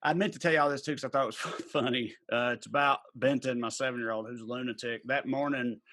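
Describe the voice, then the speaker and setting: A man, in his thirties, chatting casually on a podcast at an ordinary pitch. He wanders through his story with plenty of fillers and restarts. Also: steady tone, quick pace, a bit bright. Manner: rambling storyteller with many fillers. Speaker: podcast co-host. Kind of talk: casual chat.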